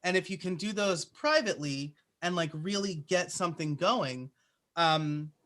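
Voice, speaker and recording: A man's voice: fairly high pitch, expressive, unhurried, bright, forceful tone. A man answering interview questions in a casual, chatty way, with plenty of "uh" and "like" fillers. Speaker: podcaster guest.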